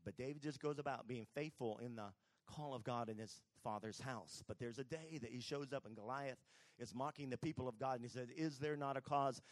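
A man preaching a sermon, telling Bible stories with animated voices for the characters. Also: mid-range voice, brisk, no echo.

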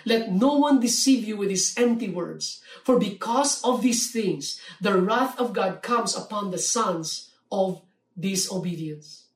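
A preacher giving a measured sermon, slowing down to read scripture verses aloud. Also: mid-range voice. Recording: roomy echo, mic at a distance.

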